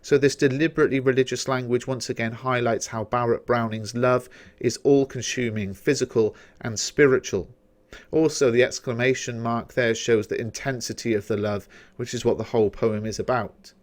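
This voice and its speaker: A man with a British accent explaining poetry quotations in a revision lesson, measured and explanatory. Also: mid-range voice, steady tone. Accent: British English. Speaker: English teacher.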